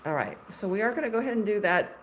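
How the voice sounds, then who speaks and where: A middle-aged woman hosts a casual livestream from her small shop. She talks in a chatty, self-deprecating way and laughs often. Her voice sits at an ordinary middle pitch, with a faint background hiss. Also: sing-song, rapid-fire. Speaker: shop owner selling marshmallows on a livestream.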